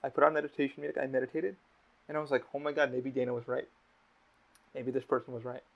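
A man's voice: medium pitch, little pitch movement, fast, creaky. A young man hosting a podcast, talking emotionally in casual chat, swearing often and restarting his sentences. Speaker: podcast host.

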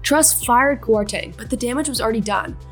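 Woman, news correspondent, scripted explainer, breezy chatty tone, slightly high voice. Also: expressive, moderate pace, faint music behind.

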